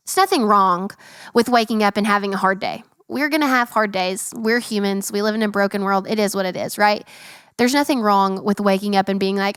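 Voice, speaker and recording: A woman's voice: mid-range voice, fairly bright tone, clean tone, no room sound, clean studio sound. A young woman hosting a casual Christian talk, earnest and practical, dotting her talk with "like" and "right?". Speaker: faith podcast host.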